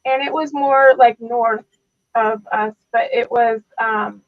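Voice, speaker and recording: A woman's voice: a little high, steady tone, slow pace. A woman guest on a casual live-stream chat, talking in a rambling, thoughtful way. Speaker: guest reader. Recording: tinny dry phone-like line.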